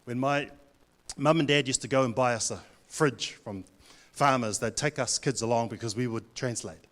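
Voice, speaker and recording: A man's voice: mid-range voice, normal speed, fairly bright tone. A man, a Pacific director giving a blunt, joking talk to a live audience at a church event. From New Zealand. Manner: blunt, joking, plays to the crowd.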